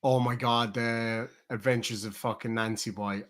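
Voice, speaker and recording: A man's voice: mid-range voice, fairly even intonation, normal speed, fairly bright tone. A man hosting a live stream, chatting loosely and profanely while looking back at old clips. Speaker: streamer host. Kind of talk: casual live stream chat.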